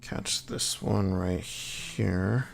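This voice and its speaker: A man casually chatting on a livestream while painting miniatures, quietly thinking aloud as he works. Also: low-pitched, fairly even intonation, extremely slow, vocal fry. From Southern US (Alabama family). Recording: soft background music.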